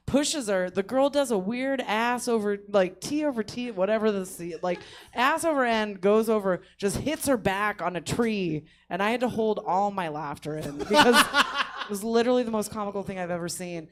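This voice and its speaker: A woman's voice: medium pitch, animated, normal speed. A woman telling a funny story on a comedy show, laughing often as she goes and putting on voices for the people she quotes. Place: comedy theater stage.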